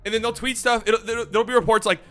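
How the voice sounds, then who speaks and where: A man's voice: very high-pitched, steady tone, very fast, a bit bright, soft background music. A young man hosting a casual live sports talk show, ranting in a rambling, profane way. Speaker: sports podcast host.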